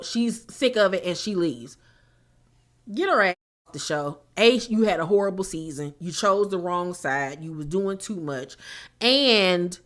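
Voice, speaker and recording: A young woman talks through a reality show episode as a casual recap. She is blunt, sassy and quick to curse, at a mid pitch. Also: a bit bright.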